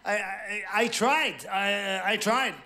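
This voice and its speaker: A man from France with a French accent, performing a stand-up comedy set with a halting, self-deprecating delivery and playful acted quotes. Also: sits high. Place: large theatre before a live audience. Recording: stage mic over loud audience laughter.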